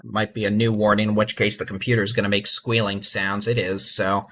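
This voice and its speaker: A middle-aged man, hosting live severe weather coverage in a relaxed, folksy way with urgent safety warnings. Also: lowish voice, fairly quick. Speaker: weather livestream host.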